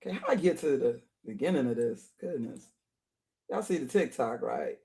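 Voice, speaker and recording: A woman's voice: extremely low pitch, animated, moderate pace, vocal fry, warm tone. A woman hosting a live stream, chatting casually with viewers in a talkative manner with laughing asides. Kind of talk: casual reaction chat.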